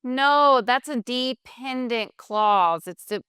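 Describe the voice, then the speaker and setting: A woman's voice: a little high, slow pace, sharp tone, clean tone, dry recording, clean studio sound. A woman co-teaching an online class, reading out poll results and adding friendly, supportive comments. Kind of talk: virtual class lesson.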